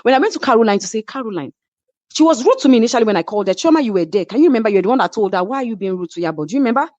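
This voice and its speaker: A middle-aged woman with a Nigerian accent, a reality show cast member telling a story in casual chat, animated and heated, slipping into Yoruba phrases. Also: fairly high pitch, very fast, no echo. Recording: slightly muffled lo-fi sound.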